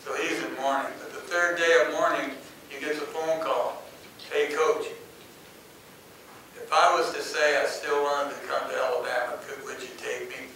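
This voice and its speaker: A man tells a folksy motivational story, slipping into the voices of its characters. His tone is bright and forceful. He sounds far from the mic in a very echoey hall. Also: mid-range voice, flat delivery, moderate pace, creaky, slight background noise. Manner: folksy, anecdotal, acts out quoted voices. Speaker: speaker.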